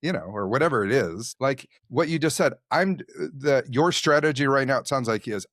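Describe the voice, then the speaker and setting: A man's voice: medium pitch, expressive, moderate pace, hardly any pauses, a bit bright, no echo, studio quality. A man hosting a podcast interview, asking and answering in a reflective, thoughtful way. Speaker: podcast host. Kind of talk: casual interview conversation.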